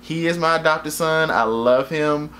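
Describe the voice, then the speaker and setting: A man doing a flat, offhand tired dad. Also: fairly high pitch, a little slow, slight background noise. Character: tired middle-aged father, flatly dismissive.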